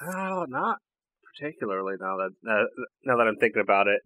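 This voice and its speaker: A man's voice: lowish voice, sing-song, sharp tone, no echo. A man chatting casually on a podcast about a tabletop campaign, searching for words as he recalls moments. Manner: halting, restarts while recalling. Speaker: tabletop game player.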